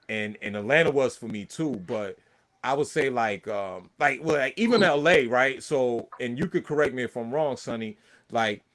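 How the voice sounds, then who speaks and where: A man in his thirties with a US Northeast accent, hosting a casual chat and rambling with lots of "like" and "you know". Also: medium pitch.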